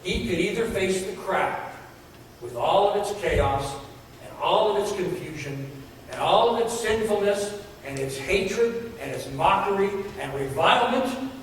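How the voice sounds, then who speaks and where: A man's voice: high-pitched, expressive, measured pace, slight background noise. A man preaching a sermon in a church, earnest, building emphasis with repeated phrases. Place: church sanctuary. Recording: echoey hall from far off.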